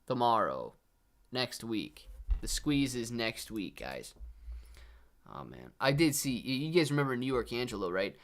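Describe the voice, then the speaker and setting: A man's voice: medium pitch, very animated, a little slow, fairly bright tone. A young man hosting a casual live stream, chatting with viewers, laid-back and peppering every sentence with "dude" and "man". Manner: laid-back, says "dude" and "man" constantly, reads chat aloud. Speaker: livestream host.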